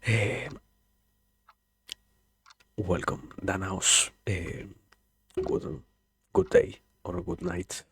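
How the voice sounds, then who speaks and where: A man's voice: low voice, huge pitch swings, very slow, pauses often, slight background noise. A man from Argentina with an Argentine Spanish accent, chatting casually with viewers as a streamer, hesitant with many fillers and restarts.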